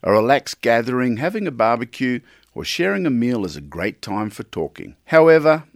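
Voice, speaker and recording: Folksy Australian man, lively delivery. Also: mid-range voice, normal speed, dry recording, studio quality. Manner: folksy, playful. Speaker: coffee roaster and shop owner. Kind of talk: scripted radio-style monologue.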